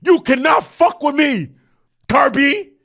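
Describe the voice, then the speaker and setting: A man putting on the voice of a boastful veteran football coach taunting a rival, loud, cocky and profane. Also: very high-pitched, animated, slow pace, gravelly, pitched above the performer's own voice, heavily acted.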